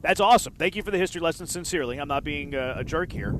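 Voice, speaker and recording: A man's voice: on the high side, rapid-fire, background noise. A man hosting a sports radio show, bantering with his co-hosts and reading listener texts with a teasing, joking manner.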